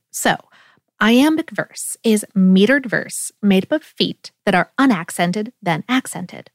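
A woman hosting a podcast, reading a scripted explainer in a clear, measured way with occasional fillers. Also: fairly high pitch, no echo, clean studio sound. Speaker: podcast host.

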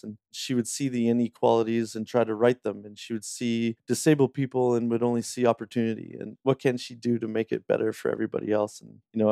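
A man from Canada with a smooth, mellow voice, talking in a relaxed and candid way as an interview guest. He tells stories from his life and now and then acts out the other people in them. The sound is dry and close. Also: medium pitch, no echo. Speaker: podcast guest, Paralympic athlete. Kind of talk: casual storytelling interview.

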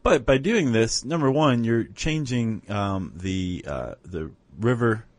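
A man's voice: mid-range voice, animated, takes it slowly, dry recording. A man co-hosting a podcast, explaining step by step in casual chat and often checking in with "right?". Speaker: podcast co-host.

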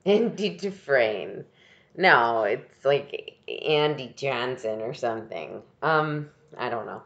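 A woman's voice: a bass voice, lively intonation, slow, fairly bright tone, lo-fi sound. A woman co-hosting a podcast, chatting casually and giggling, with many fillers as she recaps a TV episode. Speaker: podcast co-host.

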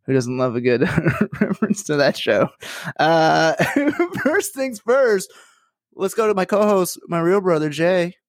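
A man's voice: sits high, big pitch swings, measured pace, no echo. Young guy hosting a podcast, jokey, swears a lot, dry sound. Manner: joking, swearing, playful. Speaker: podcast host. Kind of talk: casual podcast chat.

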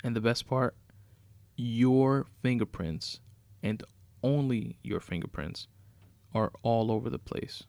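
A man's voice: mid-range voice, slow, gravelly, long pauses, darkish tone, no echo. A man reading a horror story aloud, voicing a vengeful scheming woman who taunts her captive in a sarcastic, mocking way. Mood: coldly gloating.

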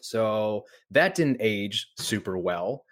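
A man hosting a sports podcast, asking questions in a relaxed, loose way. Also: on the low side, slow pace. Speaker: podcast host. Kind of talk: casual podcast interview.

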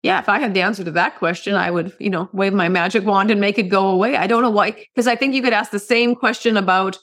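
A middle-aged woman, a motivational speaker and podcast guest, telling a story in relaxed conversation and acting out the quoted dialogue. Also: medium pitch, quick pace. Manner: animated, acts out quoted dialogue.

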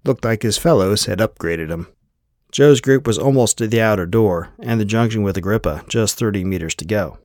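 A man narrating an audiobook in an even, measured reading style. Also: lowish voice, no room sound, clean studio sound. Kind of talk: scripted narration.

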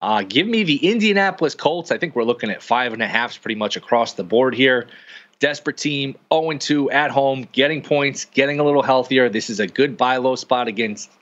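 Male guest bettor, brisk analytical delivery, dull lo-fi line. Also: medium pitch, lively intonation, a bit bright. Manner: quick, matter-of-fact picks. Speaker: guest sports bettor, show host elsewhere. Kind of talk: sports betting analysis.

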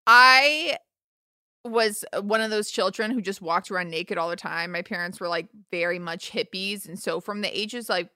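A woman co-hosting a casual chat podcast, telling embarrassing stories and giggling often. Her voice is bright and forward. The sound is dry and close. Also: medium pitch, moderate pace, dry recording. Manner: giggly, storytelling with frequent laughs. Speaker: podcast co-host.

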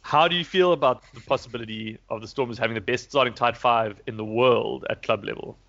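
A man's voice: medium pitch, brisk, fairly bright tone. Brief: male host, casual rambling chat, hesitant restarts, dull lo-fi audio. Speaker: podcast host previewing rugby. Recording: dull lo-fi recording.

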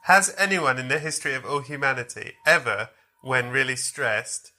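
A man's voice: medium pitch, moderate pace, bright, forceful tone. A man hosting a podcast, chatting casually and animatedly with playful swearing. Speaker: podcast host. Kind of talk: casual comedic chat.

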